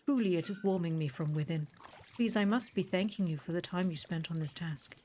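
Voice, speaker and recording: A woman reading a gentle, formal male tea shop keeper from a video game, in quaintly stilted phrasing. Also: lowish voice, brisk, a little hiss or hum, close to an everyday voice. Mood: courteous.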